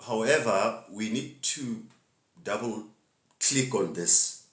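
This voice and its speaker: Man, low voice, casual slangy preaching, live stream, echoey room. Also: animated, takes it slowly, fairly bright tone. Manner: laid-back, preachy, laughs often, slangy asides. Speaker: spiritual teacher hosting a live stream.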